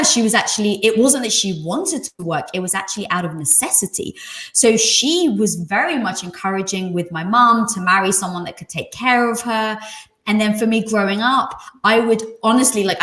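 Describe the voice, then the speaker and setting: A woman recounts her upbringing as a podcast guest. She is animated and acts out the voices of the people she quotes. The room around her gives her voice a noticeable echo. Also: a little high. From London, England. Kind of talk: reflective storytelling interview. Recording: roomy echo.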